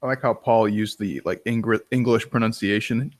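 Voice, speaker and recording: A man co-hosting a casual webinar, chatting in a relaxed way with lots of "like" fillers. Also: on the low side, normal speed. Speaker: co-host.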